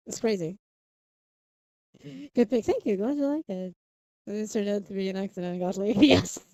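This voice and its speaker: Young woman streaming, kinda high mellow voice, rambly and giggly, dry sound. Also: no room sound. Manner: rambling, self-interrupting, giggly. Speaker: livestreamer. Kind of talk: casual live stream chat.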